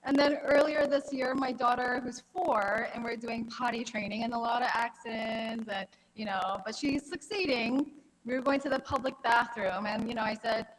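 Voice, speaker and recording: Woman oncologist in her thirties, fairly high voice, friendly lecture with stories, long hall reverb. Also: steady tone, moderate pace. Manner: friendly, anecdotal, conversational lecturing. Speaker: gynecologic oncologist giving a talk. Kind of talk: health conference presentation. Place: conference hall.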